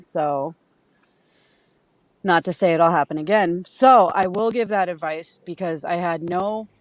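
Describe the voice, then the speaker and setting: Her voice sits low and sounds a little mellow as she chats casually as a podcast guest. She's candid in her storytelling, performs the quotes of people involved, and swears freely.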